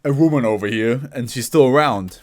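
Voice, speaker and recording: A man's voice: medium pitch, moderate pace, no echo, studio quality. A man hosting a reaction video, talking casually, laughing often and slipping into mock voices.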